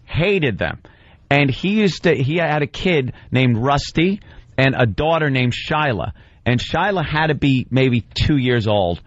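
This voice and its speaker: A man's voice: medium pitch, animated, measured pace, no room sound. A man hosting a radio talk show, telling a long story animatedly, acting out voices and laughing along the way. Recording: dry, slightly dull radio studio sound.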